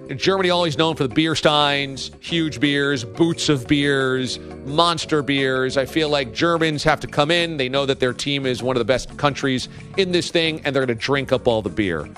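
A man's voice: medium pitch, moderate pace, hardly any pauses, fairly bright tone, soft background music. A man hosting a casual sports talk show, telling stories emphatically and acting out mock quotes. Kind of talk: casual sports radio banter.

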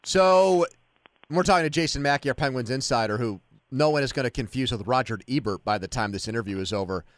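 A man's voice: mid-range voice, fast. A man hosting a sports radio show, teasing his guest in casual, mock-exasperated banter on a studio microphone.

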